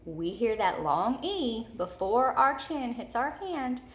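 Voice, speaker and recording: A woman teacher giving a slow, repetitive recorded video lesson to third graders. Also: a little high, big pitch swings, echoey room.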